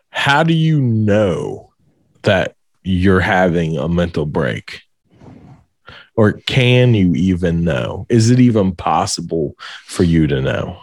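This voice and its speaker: A man's voice: sits low, darkish tone, no room sound, studio quality. A young man in casual conversation, laid-back, musing aloud and swearing casually. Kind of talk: casual podcast chat.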